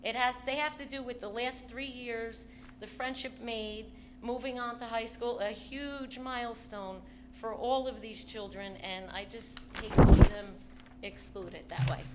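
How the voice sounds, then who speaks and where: A woman's voice: a little high, fairly even intonation, heavy background noise. Impassioned woman at public comment. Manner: impassioned, pleading, halting restarts. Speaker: parent speaking at public comment. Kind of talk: public comment at a school board meeting. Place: public meeting room.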